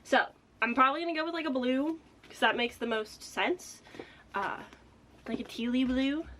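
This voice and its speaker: Young woman, book vlogger, slightly high voice, chatty and giggly, a bit breathless. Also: normal speed, a little hiss or hum. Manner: chatty and excitable, laughs often. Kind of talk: casual vlog chat.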